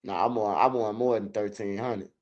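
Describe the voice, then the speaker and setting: A man's voice: fairly low pitch, fairly even intonation, normal speed, darkish tone. Rambling Chicago man on a lo-fi stream. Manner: rambling, profane storytelling with repeated restarts. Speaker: livestream host. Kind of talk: casual livestream talk. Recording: dull lo-fi stream audio.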